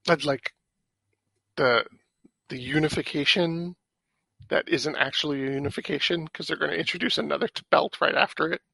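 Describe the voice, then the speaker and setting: A man's voice: fairly high pitch, fairly even intonation, normal speed, vocal fry, pauses often, pushed and bright, slightly rough, no room sound. A man in casual chat, giving brief, dry reactions and opinions.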